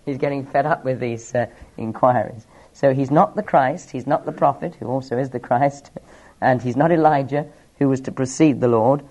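A man's voice: mid-range voice, moderate pace, darkish tone, highs cut off. A man teaching through a Bible passage, explaining each verse with asides and small laughs.

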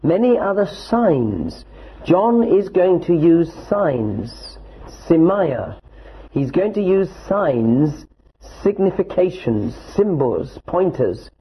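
Man teaching scripture, husky and lo-fi. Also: high-pitched, sing-song. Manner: reads scripture slowly, explains with asides. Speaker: Bible teacher. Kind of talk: lecture on a Bible passage. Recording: dull lo-fi recording.

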